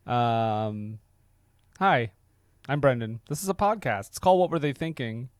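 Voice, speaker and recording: A man's voice: medium pitch, measured pace, no room sound, studio quality. A man hosting a podcast, chatting casually and playfully, sometimes slipping into a mock-announcer voice. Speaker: podcast host. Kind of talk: casual chat.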